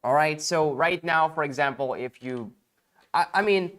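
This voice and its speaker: A tired man hosting a casual livestream sales pitch, chatty and rambling with lots of fillers and jokes. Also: normal speed, a bit bright.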